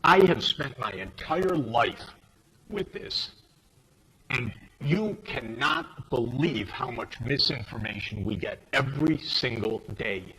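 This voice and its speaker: An older American man speaking emphatically and indignantly on a panel, his voice rising to sharp outbursts. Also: mid-range voice, expressive, takes it slowly, background noise. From United States. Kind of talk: impassioned panel speech. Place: forum hall.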